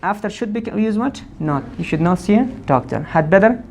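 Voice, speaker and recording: A woman teaching an English grammar lesson, quizzing the class and answering her own questions, repeating forms slowly. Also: mid-range voice, expressive, a little mellow, a little hiss or hum. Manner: asks the class questions and answers them herself.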